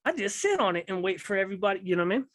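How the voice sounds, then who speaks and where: Talking about his time in prison, this guest rambles in laid-back street slang and keeps checking in with "you know what I mean." His high-pitched, sing-song voice races along with a slightly bright quality.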